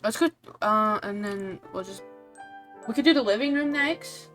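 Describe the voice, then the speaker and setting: A woman's voice: medium pitch, normal speed, a bit bright, soft background music. A woman streaming a game, reacting aloud in blunt, swear-laden casual commentary.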